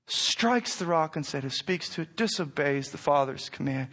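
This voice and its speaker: A man delivers a sermon in a fairly high voice. He preaches with passion, dropping to hushed, whispered lines and then rising to near-shouting peaks. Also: lively intonation, moderate pace, hardly any pauses.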